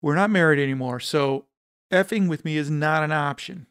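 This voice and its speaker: A man's voice: on the high side, normal speed, smooth, dry recording, studio quality. A man voicing a ranting woman boss. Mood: furious. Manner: ranting, sharp-tongued. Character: angry demanding woman insurance boss.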